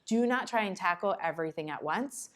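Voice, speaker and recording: A woman giving a conversational conference talk to parents, breaking into quick acted asides. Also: on the low side, expressive, fairly bright tone, slight background noise. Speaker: conference presenter on child behavior. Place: conference room.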